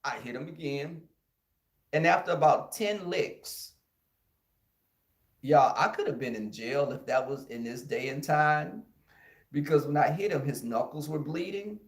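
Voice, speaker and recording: A man from Houston with a Texan accent, telling a childhood story in an animated, casual way to his listeners. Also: a little high, measured pace, pauses often. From Houston, Texas. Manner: animated, addresses listeners as y'all, acts out the scenes. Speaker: podcast host. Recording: echoey room.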